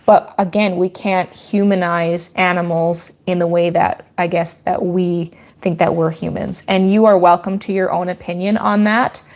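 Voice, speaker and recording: A woman's voice: fairly low pitch, level tone, moderate pace, hardly any pauses, darkish tone. A woman goat farmer speaking in an earnest, firm and opinionated way in a casual Q&A vlog.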